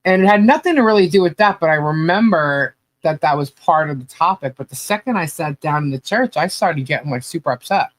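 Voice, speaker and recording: Male podcast co-host, slightly high voice, loose chatty storyteller full of fillers. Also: animated, brisk, hardly any pauses. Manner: rambling, filler-heavy storytelling with laughs. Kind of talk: casual chat.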